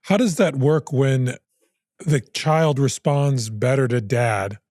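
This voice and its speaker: A man hosting a podcast asks a question in a casual, halting way, restarting his sentences. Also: medium pitch, darkish tone, no echo, studio quality. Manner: halting, restarts while asking. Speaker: podcast host.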